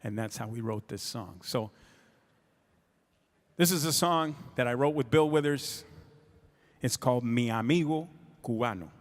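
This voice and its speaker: A man speaking as a guest musician, telling a story to an audience in an easygoing way with frequent pauses. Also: mid-range voice. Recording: echoey hall.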